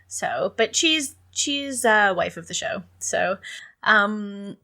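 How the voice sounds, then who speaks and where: A woman's voice: mid-range voice, lively intonation, slow pace, pushed and bright. A woman co-hosting a casual podcast chat, giggling often and talking with lots of fillers and restarts. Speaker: podcast co-host.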